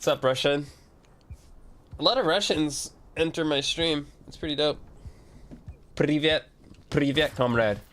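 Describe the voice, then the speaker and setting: A man with a fairly high, somewhat bright voice streams a video game at normal speed with long pauses. His commentary is laid-back and casual: he swears now and then and reads the game's prompts aloud.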